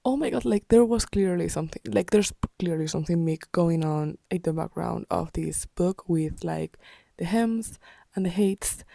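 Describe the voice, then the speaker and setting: A woman's voice: lowish voice, moderate pace, vocal fry, dark tone, no echo. A tired young woman talking in a casual, exasperated reading vlog, often dropping into a whisper late at night. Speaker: book vlogger.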